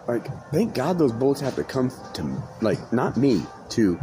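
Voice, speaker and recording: Very animated yet unhurried, a podcast host with a mid-range voice relates a meandering, profanity-laced story, frequently stopping mid-sentence to start again. Music plays in the noisy background.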